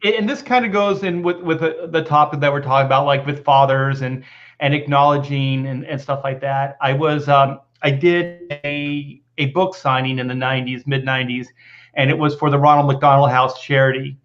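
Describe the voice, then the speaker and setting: A man's voice: medium pitch, fairly even intonation, moderate pace, a bit bright, lo-fi sound. A man telling a long personal story on a video call, rambling with many restarts and false starts. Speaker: comic book artist guest. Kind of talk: casual video call chat.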